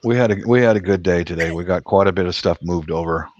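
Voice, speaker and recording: Laid-back guy on a muffled video call, low voice, lots of mm-hmms. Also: fast talker, a little mellow, no room sound. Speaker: guest. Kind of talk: casual chat.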